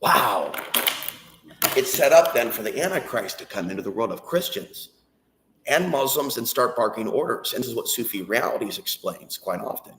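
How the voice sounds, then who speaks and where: A man's voice: mid-range voice, expressive, moderate pace, a bit bright, slight background noise. A man delivering an intense, rambling spiritual monologue and prayer on his own channel, swearing freely. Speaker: channel host. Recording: echoey.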